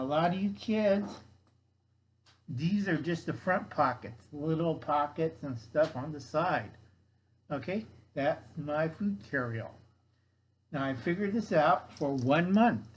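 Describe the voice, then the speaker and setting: Older male vlogger, slow and folksy, casual show-and-tell, faint background hiss. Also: fairly high pitch, poor audio. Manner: folksy, talks to viewers as kids.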